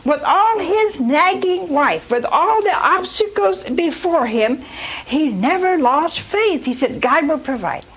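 A woman's voice: high voice, animated, takes it slowly, fairly bright tone, low-quality recording. A woman preaching a sermon, retelling scripture with folksy asides and acted-out voices for the congregation.

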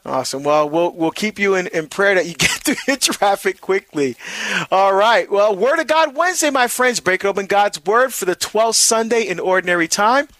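Male call-in host, high voice, friendly and affirming, close dry studio mic. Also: animated, normal speed, fairly bright tone, no room sound. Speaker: radio show host. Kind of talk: call-in radio talk.

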